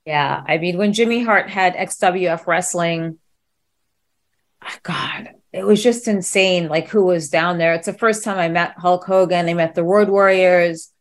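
A woman's voice: on the low side, moderate pace, hardly any pauses. Casting: female interview host, chatty, jokey, drifts off on tangents. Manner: rambling, jokey, easily sidetracked. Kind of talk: casual interview chat.

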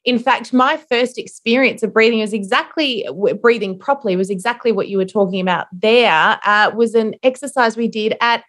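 A woman's voice: a little high, normal speed, few pauses, fairly bright tone. A woman hosting a podcast interview, asking questions and chiming in with agreement. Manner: affirming, conversational questions. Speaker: podcast host.

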